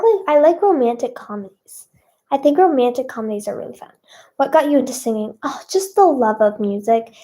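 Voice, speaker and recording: A woman's voice: a little high, mellow. A young woman singer answering fan questions in casual chat, bubbly and self-conscious, with many fillers.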